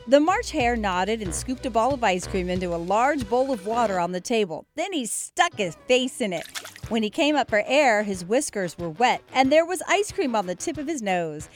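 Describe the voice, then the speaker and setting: A woman, a news anchor, reading a children's story aloud in an expressive, animated way. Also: mid-range voice, moderate pace, faint music behind. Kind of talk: storybook narration.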